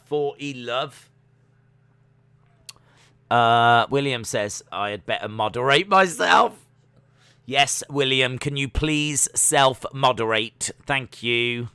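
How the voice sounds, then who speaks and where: Man, live stream host, casual sport commentary, jokey, rambling, bright tone, dry close sound. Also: mid-range voice, smooth, no room sound. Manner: jokey, rambling, many fillers. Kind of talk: casual watch-along commentary, reading chat.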